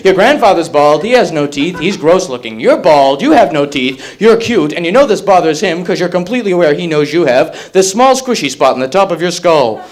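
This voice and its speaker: A young man from Massachusetts doing a stand-up comedy set, with a wry, rapid-fire delivery. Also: a little high, sing-song. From Massachusetts, USA.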